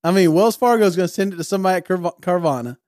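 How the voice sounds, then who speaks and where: A man's voice: high-pitched, lively intonation, racing, darkish tone, no room sound, clean studio sound. Man reacting with sympathetic disbelief. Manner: sympathetic listener, short agreeing responses. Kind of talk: casual chat.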